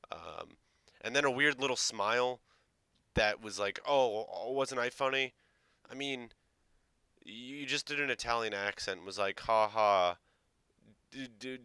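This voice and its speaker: A man's voice: lowish voice, pushed and bright, smooth, no echo. A man hosting a casual reaction video, sarcastic and swearing, mocking what he quotes.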